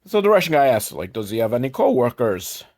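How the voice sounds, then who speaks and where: A man recapping a movie for comedy, sarcastic, jumping into quick put-on voices for the characters. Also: mid-range voice, big pitch swings, darkish tone.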